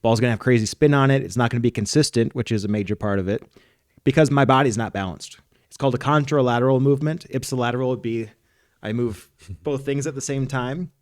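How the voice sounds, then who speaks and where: A man's voice: mid-range voice, fast, a little mellow, no echo, clean studio sound. A man co-hosting a soccer podcast, explaining technique while demonstrating it in a casual, instructional way. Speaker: soccer coach and podcast co-host.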